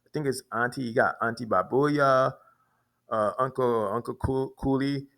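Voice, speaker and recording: A man's voice: medium pitch, moderate pace, gravelly, fairly bright tone. Rambling New man telling a story. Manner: rambling, many restarts and repeated words. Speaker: vlogger. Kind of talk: casual storytelling monologue.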